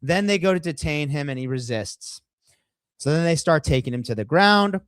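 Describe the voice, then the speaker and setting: A man's voice: fairly high pitch, lively intonation, normal speed, clear, resonant tone, no room sound. A man co-hosting a podcast, brash and profane, walking viewers through a video. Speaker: podcast co-host. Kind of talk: casual podcast discussion.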